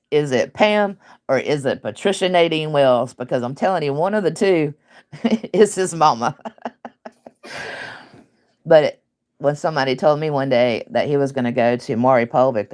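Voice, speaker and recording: A woman's voice: very deep voice, darkish tone. A woman who hosts casual online commentary, talking bluntly and emphatically with laughs.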